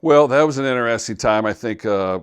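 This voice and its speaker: A man's voice: mid-range voice, a little fast, smooth. A man from Louisville who is a head football coach, talking earnestly and reflectively in a podcast interview. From Louisville, Kentucky.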